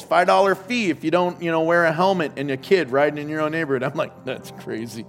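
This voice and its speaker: A man preaching a sermon as pastor, joking and telling stories with sudden loud outbursts. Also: high voice, gravelly.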